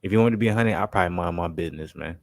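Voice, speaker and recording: With a low voice and no room sound, a young livestream basketball commentary host chats casually in slang. He spins made-up scenarios for his chat, voicing friends in quick quotes, and keeps dropping "you know what I'm saying" and "man."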